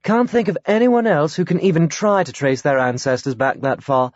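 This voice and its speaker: Reading an audiobook, a man pushes his voice up to a higher register to lightly act out a brusque, aloof older upper-class woman. She's curt, speaking in clipped sentences that drop their subjects. The pace is normal, with no echo, and the dry recording sounds slightly dull.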